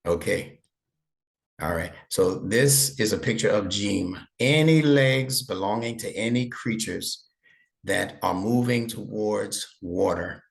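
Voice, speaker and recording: A man's voice: lowish voice, takes it slowly, vocal fry. A man teaching an online lesson over a video call, patient and encouraging, praising his student often. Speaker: instructor.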